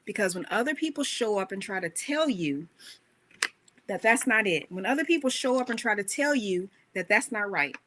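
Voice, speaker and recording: A woman coach giving an animated, emphatic motivational talk, full of rhetorical questions. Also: medium pitch, moderate pace.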